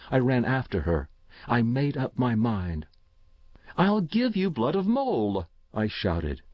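Male audiobook narrator, low and measured, somber first-person telling, dry muffled sound. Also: dry recording. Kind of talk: audiobook short story reading.

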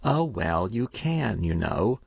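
A man's voice: on the low side, sing-song, slow pace, gravelly, husky, no room sound, highs cut off, full character voice. A man voicing a frail, intense young boy who speaks earnestly and insistently. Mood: reassuring.

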